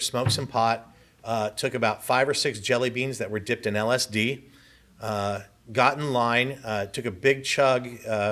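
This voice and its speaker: A man's voice: mid-range voice, sharp tone. A man from Southern California telling his personal story as a conference speaker, with vivid, earnest first-person storytelling. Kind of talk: personal testimony speech. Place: conference hall.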